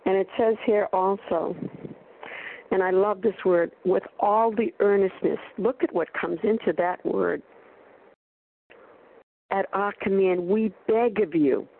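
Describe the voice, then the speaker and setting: A woman shares at a recovery meeting, speaking emphatically and leaning hard on single words. Her voice is at a middle pitch. It comes through a thin, phone-like line. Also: slow, gravelly, long pauses. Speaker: meeting participant sharing.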